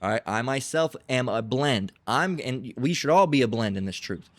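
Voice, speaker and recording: A man's voice: medium pitch, expressive, moderate pace, few pauses, no room sound. A man preaching in a blunt, profane, emphatic style, repeating himself and acting out quarrels.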